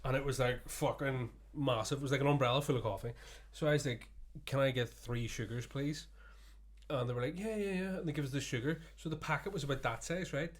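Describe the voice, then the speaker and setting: A man co-hosts a podcast in relaxed, casual chat. He swears constantly and breaks into laughter mid-story. His voice sits at an ordinary middle pitch. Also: brisk. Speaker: podcast co-host.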